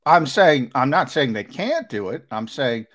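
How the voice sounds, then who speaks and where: Lively-pitched man explaining on sports radio. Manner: measured, explanatory, with fillers and restarts, lively pitch. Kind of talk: sports talk radio analysis.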